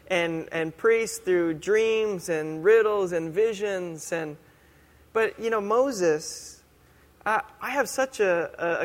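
A stern, fatherly God scolds in slow, weighty words, as a preacher puts him on. The voice sits high and rings with a long hall reverb.

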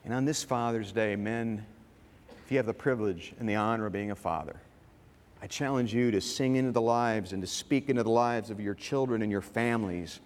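A man's voice: lowish voice, brisk. Man preaching a sermon in a hall. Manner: earnest storytelling preacher. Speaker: guest speaker. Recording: reverberant hall.

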